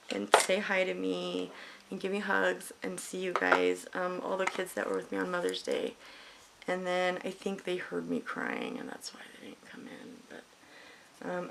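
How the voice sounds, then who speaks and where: A woman's voice: fairly low pitch, creaky. A middle-aged woman vlogging casually while doing her makeup, candid and emotional, swearing freely and rambling. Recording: faint hiss.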